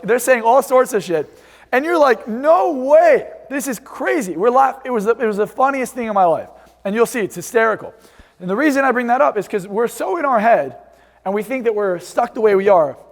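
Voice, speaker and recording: A young man with a high, light voice speaks on stage to a live audience. His delivery is energetic and boastful, and it carries the long reverb of a large hall. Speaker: hypnosis seminar speaker. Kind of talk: live seminar talk to an audience.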